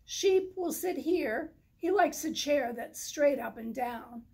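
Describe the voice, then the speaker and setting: A woman reading the part of a kindly, friendly male moose in a children's story, speaking slowly and gently. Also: sits high, expressive, creaky, heavily acted. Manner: slow, gentle storybook delivery.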